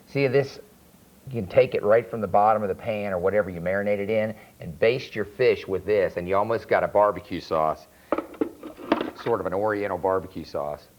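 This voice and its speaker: A man with a North Carolina accent, a chef talking through a cooking demonstration in a relaxed, plainspoken way. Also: lowish voice, fairly quick, a little hiss or hum. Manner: relaxed, plainspoken, step-by-step instruction. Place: outdoor charcoal grill by a house. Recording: dull lo-fi VHS recording.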